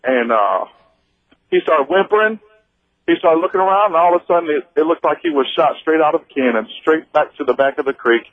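A man's voice: on the high side, expressive, no echo. Tinny-voiced man calling a radio show. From Missouri, US. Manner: halting, with many restarts and fillers. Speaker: radio caller. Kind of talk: telling a personal story on a call-in show. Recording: tinny phone line.

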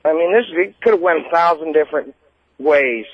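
A man's voice: on the high side, brisk, breathy edge, no room sound. A man calling in to a radio show, recounting events in a matter-of-fact, plain-spoken way over a dull phone line. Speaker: caller. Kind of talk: call-in radio chat.

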